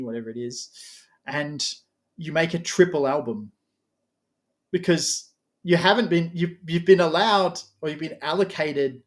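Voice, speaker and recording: A man with a voice a little higher than most, chatting easily as an interviewer. He talks in loose, rambling runs and slips in jokes. The tone stays relaxed and conversational. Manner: chatty, animated, quick to joke. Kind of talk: casual conversation.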